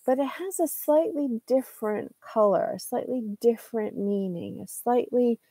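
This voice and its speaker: A woman teaching English in a live lesson, pausing to search for words and correct herself, with light laughs. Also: fairly high pitch, lively intonation, dark tone, no echo.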